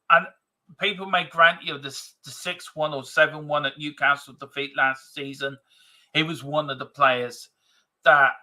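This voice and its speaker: Bright-voiced man hosting a fan stream. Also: fairly high pitch. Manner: chatty, reads out viewer comments, hesitant restarts. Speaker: fan channel host. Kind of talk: casual live-stream chat.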